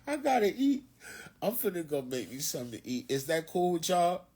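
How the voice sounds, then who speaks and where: A man with a Philadelphia accent and a slightly high, darkish voice talks a little fast on a phone livestream, addressing viewers in a loose, profane, swaggering, and preachy casual monologue.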